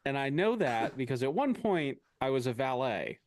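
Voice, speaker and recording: A man's voice: mid-range voice, sing-song, moderate pace, slight background noise. A man co-hosting a podcast in casual chat, joking and bragging in playful banter. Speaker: podcast co-host.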